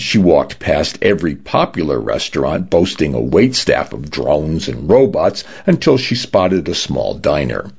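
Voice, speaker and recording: Male narrator, storybook reading, very deep, husky, lively pitch. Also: dull audio.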